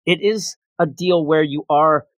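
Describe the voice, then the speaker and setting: Man, casual podcast chat, animated storyteller, dry close sound. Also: a little high, measured pace, dry recording. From North America. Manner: animated storyteller, acts out characters' lines. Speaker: podcast co-host. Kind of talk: casual chat recapping a comic.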